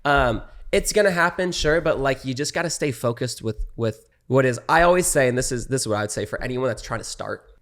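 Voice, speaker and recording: A man's voice: medium pitch, a little fast, few pauses. Chatty young man, swearing casually. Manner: animated, swears freely, acts out quoted friends. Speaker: podcast guest, social media creator. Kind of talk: casual chat.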